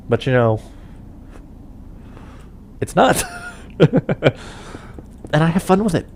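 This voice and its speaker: A man's voice: mid-range voice, slight background noise. A young man chatting casually while playing a game, rambling with chuckles and lots of fillers. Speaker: gaming channel host.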